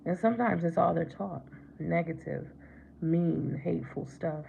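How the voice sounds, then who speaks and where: A middle-aged woman chatting casually with her viewers while doing her makeup, warm to them and calling them babe. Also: lowish voice, unhurried, vocal fry, narrow, tinny audio, slight background noise. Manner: chatty, affectionate, calls viewers babe and baby. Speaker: livestream host. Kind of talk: casual makeup livestream chat.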